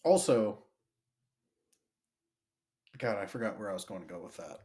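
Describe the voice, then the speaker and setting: A man's voice: fairly low pitch, sing-song, moderate pace, dark tone, slightly rough. A man co-hosting a podcast, chatting casually about a movie, rambling with fillers and restarts. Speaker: podcast co-host.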